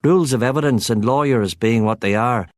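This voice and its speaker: A man's voice: medium pitch, a little fast, no room sound. A man narrating a first-person crime novel as an audiobook, with a wry, sardonic delivery on a close studio mic.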